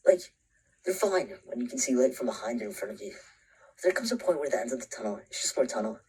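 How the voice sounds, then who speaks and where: A man's voice: mid-range voice, husky, low-quality recording. An actor playing an anxious, introspective young man who narrates a short film in a half-whispered voice. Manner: brooding, often half-whispered, breaks into panicked shouts.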